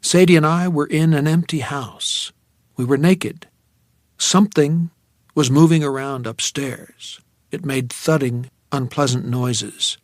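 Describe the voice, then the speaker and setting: A man reading a novel aloud as an audiobook narrator, in a measured storytelling manner. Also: a little high, no echo, studio quality.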